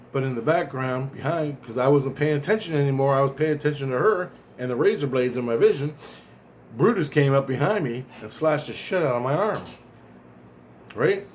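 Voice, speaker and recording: In a vlog recorded with a little hiss or hum, a medium-pitched man tells a long, rambling personal story. He's profane and digressive, restarting and self-correcting often.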